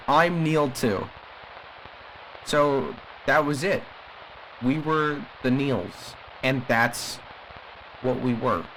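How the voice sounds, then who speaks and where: A man plays an agitated caller in an audio drama who pleads the case of a troubled family to the listeners. He has a mid-pitched voice. His speech rambles with restarts and sudden emphatic pushes. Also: a bit bright, slight background noise, poor audio. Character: agitated male radio caller defending a cursed family.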